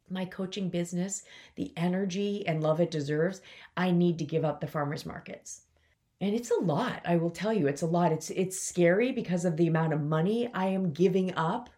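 Speaking with a warm voice on the low side, a woman in her forties hosts her own business-coaching podcast. It's a personal solo talk, candid and emotional, as she fights back tears.

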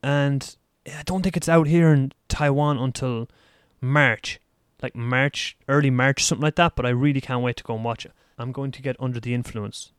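A man's voice: mid-range voice, steady tone, moderate pace, clear, resonant tone, no room sound, clean studio sound. A man hosting a solo podcast, chatting casually and rambling about movies, laughing at himself now and then. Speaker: podcast host. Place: lives in Taiwan.

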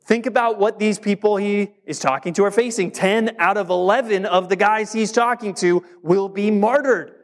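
Emphatic male preacher, slowing on key words. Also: sits high. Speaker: pastor. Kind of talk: sermon.

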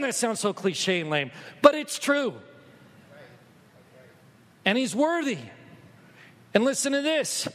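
A pastor preaching a sermon, moving from hushed storytelling to loud, emphatic exhortation. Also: male voice, very high voice, very animated, takes it slowly, long pauses, long reverb tail.

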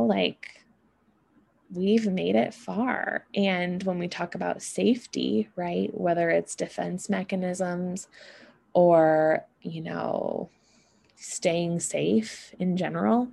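A woman talks through emotions and healing in a slow, drawn-out monologue. Her voice is heavy with vocal fry and has a dark, husky tone. She muses aloud and keeps checking in with "right?" and "you know". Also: fairly low pitch, steady tone. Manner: unhurried, musing, often adds "right?" and "you know".

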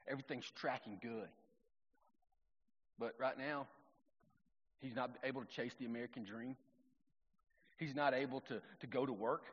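A middle-aged man, preaching a sermon in a relaxed, conversational storytelling way. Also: medium pitch, husky. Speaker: pastor. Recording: long reverb, dull lo-fi sound.

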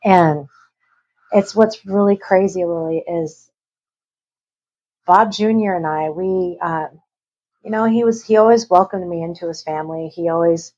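A woman's voice: lowish voice, a little slow, pauses often, a little mellow, breathy edge. A middle-aged woman, an interview guest, tells a personal story in a rambling way and acts out the voices of the people she quotes. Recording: dull lo-fi recording.

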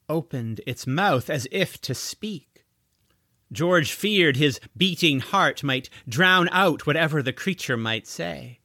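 A man reading a children's novel aloud as narrator, in a deliberate storytelling manner. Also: medium pitch, lively intonation, pushed and bright, no room sound, clean studio sound. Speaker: audiobook narrator.

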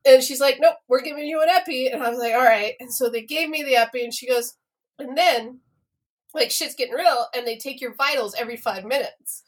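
A woman's voice: on the high side, fairly quick. A woman co-hosting a podcast, telling a story in casual chat, laughing often, swearing freely and acting out the dialogue. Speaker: podcast co-host.

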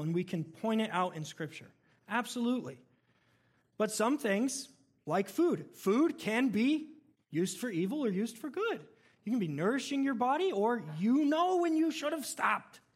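A man in his thirties preaches to his congregation with a noticeably high voice. He talks casually and tells stories with animation, easing his points in with humor rather than thundering. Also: unhurried. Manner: conversational, animated storytelling with laughs. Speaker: pastor. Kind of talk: sermon.

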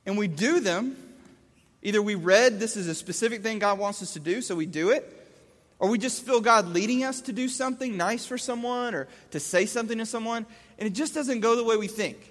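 A man delivers a sermon in a very high, bright, forceful voice. He tells his stories with lively energy and acts out the scenes. His voice rings through a large hall with long reverb. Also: a little fast. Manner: animated storyteller acting out scenes. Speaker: pastor.

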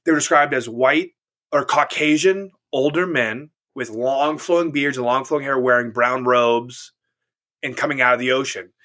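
A man with a bright, edgy mid-range voice chats casually and profanely. He rambles through anecdotes and trips over restarts as he goes. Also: medium pitch, moderate pace. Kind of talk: casual chat.

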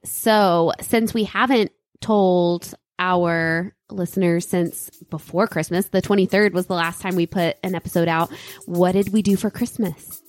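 A woman in her thirties, co-hosting a podcast in casual chat, with quick short replies. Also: on the low side, fairly even intonation, no echo, soft background music. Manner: quick short agreeing replies, laughs easily. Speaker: podcast co-host.

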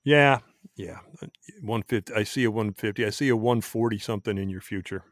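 A man's voice: fairly low pitch, fairly quick, no echo, studio quality. A man hosting a casual chat, upbeat and teasing as he steers the talk. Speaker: podcast host.

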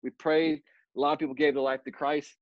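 A man's voice: a little high, brisk, dry recording. Earnest man telling a story, lo-fi. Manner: earnest, animated, repetitive restarts. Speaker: missionary guest. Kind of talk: personal storytelling. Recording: dull lo-fi dry sound.

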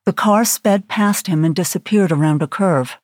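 Female audiobook narrator, steady dramatic thriller read, dry sound. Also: lowish voice, normal speed, no echo.

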